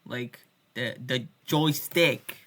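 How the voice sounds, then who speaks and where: Woman ranting in a video diary, bright voice, irreverent, keeps restarting. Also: very deep voice, very slow. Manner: rambling, irreverent, swears jokingly; many restarts and fillers. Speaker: music fan. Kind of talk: casual video diary rant.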